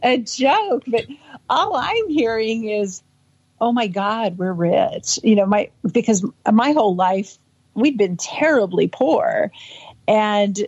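A woman's voice: fairly high pitch, slightly rough. Woman retelling an old family story, lots of restarts and little acted-out quotes, kinda dull lo-fi sound. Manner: halting, with many restarts and fillers; lively, acting out voices in quotes. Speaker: interview guest. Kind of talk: recounting a childhood memory. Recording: dull lo-fi audio.

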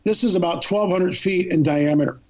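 Lively woman telling a story over lo-fi audio. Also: lowish voice, brisk. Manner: animated, acts out both sides of a remembered phone call. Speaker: podcast guest. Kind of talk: casual storytelling.

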